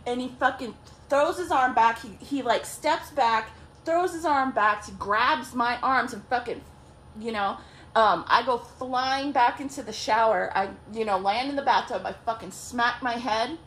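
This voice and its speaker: A woman vlogger tells a story in loose, profane chat, her voice sitting a little high. She laughs often and keeps checking in with "okay?" and "like". A faint hiss runs under her. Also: unhurried, fairly bright tone. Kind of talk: casual storytelling.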